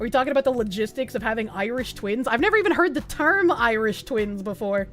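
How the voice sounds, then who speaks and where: A young woman chats casually on her stream, tossing off bawdy jokes and laughing between chat replies. Her voice sits high, with soft music playing faintly underneath. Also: lively intonation, a little fast, few pauses. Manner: bawdy, joking, laughs often.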